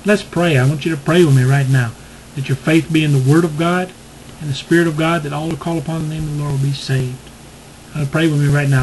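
A man's voice: fairly high pitch, steady tone, darkish tone, rough recording. Preacher guy leading a salvation prayer, earnest, repeats himself, lots of you-knows, slight hiss behind. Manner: earnest, repetitive, halting with fillers.

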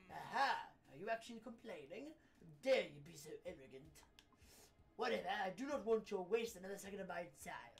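A woman's voice: medium pitch, lively intonation, normal speed, gravelly, faint music behind, pitched below the performer's own voice. Brief: a woman doing a haughty posh British tycoon in a game, scornful and clipped, slightly distant mic. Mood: haughty scolding. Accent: posh British, put on. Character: pompous posh old businessman, impatient, scornful.

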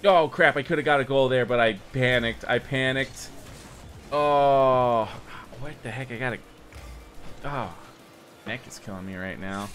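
Slow, rambling young man streaming a game. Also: mid-range voice, slight background noise. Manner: rambling and self-mocking, with sudden excited outbursts. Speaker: gaming streamer. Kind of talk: casual live gameplay commentary.

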